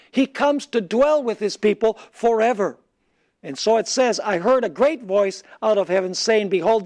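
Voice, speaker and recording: A man with a high voice preaches a sermon. He asks the congregation questions and answers them himself, and he slows down to read scripture with care. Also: darkish tone. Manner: reads scripture slowly and deliberately.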